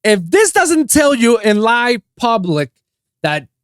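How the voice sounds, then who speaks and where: A man from Puerto Rico hosting a solo podcast, ranting in a casual, profane way that swings between loud outbursts and low mutters. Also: very animated, takes it slowly, clean tone, no echo, studio quality. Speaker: podcast host.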